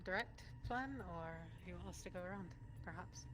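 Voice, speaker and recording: A woman's voice: on the low side, expressive, normal speed. A woman playing in an online roleplay, chatting eagerly and teasing the others. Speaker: roleplay player. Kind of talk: casual roleplay chat. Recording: noisy mic.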